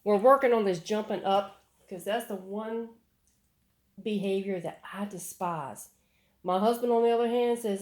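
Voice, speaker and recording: A middle-aged woman, chatting casually while training a puppy and breaking off for quick commands. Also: mid-range voice. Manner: chatty, repeats words, sharp commands to puppy. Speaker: dog breeder.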